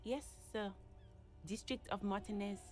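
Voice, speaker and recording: Sex: female. Figure: a woman doing a helpful local in a game. Pitch: medium. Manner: polite, matter-of-fact. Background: faint music. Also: steady tone, unhurried, darkish tone, natural voice. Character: helpful local woman giving directions, casual.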